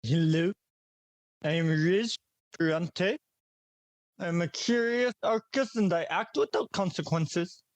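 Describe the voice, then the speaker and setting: Guy hamming up his game character intro, slightly higher voice, dry close sound. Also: slow, long pauses, dry recording. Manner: playful, teasing in-character introduction. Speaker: player.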